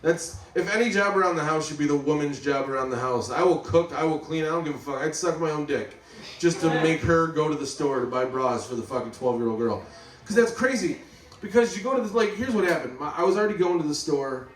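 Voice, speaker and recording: A man's voice: fairly high pitch, expressive, fairly quick, distant mic. A man in his thirties doing a stand-up comedy set, rambling and profane, mocking himself. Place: comedy club stage. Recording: roomy club sound from off-mic, loud crowd laughter. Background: audience laughing.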